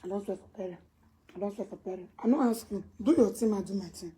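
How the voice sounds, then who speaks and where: A woman vlogger with a Nigerian Pidgin accent, ranting on camera and swinging from low muttering to loud, high scolding. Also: quick pace, a little hiss or hum. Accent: Nigerian Pidgin English. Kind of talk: casual ranting vlog.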